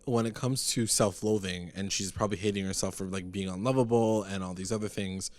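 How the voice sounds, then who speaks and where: Low-voiced man rambling through a recap. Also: steady tone, fairly quick. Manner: rambling, filler-heavy, retells scenes. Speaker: podcast co-host. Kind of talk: casual TV recap chat.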